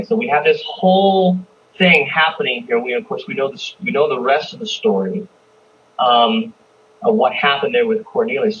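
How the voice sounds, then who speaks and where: Male Bible teacher, fairly high voice, chatty and questioning, recorded from a distance on dull lo-fi audio. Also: fairly bright tone, slight background noise. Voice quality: conversational, repeats and restarts, asks the listeners questions. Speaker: pastor teaching a Bible study.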